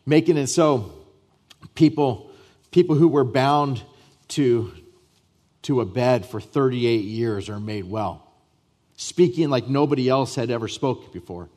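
A man pastor preaching a sermon to his church, emphatic, with repeated starts and swings between loud and soft. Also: medium pitch, a little slow, long pauses. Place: church sanctuary.

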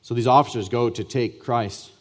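A man pastor preaching a sermon to his church, emphatic, with repeated starts and swings between loud and soft. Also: medium pitch, steady tone, moderate pace. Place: church sanctuary.

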